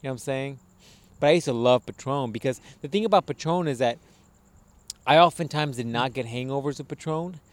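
A man from Arizona co-hosting a podcast, chatting casually, animated and swearing, laughing at his own jokes. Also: medium pitch, fairly quick, no echo. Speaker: podcast co-host. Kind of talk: casual chat.

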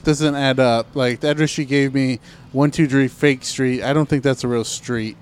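A man's voice: mid-range voice, fairly even intonation, moderate pace, clear, resonant tone. A man co-hosting a podcast, chatting casually and cutting in with dry jokes. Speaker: podcast co-host. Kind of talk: casual crude podcast chat.

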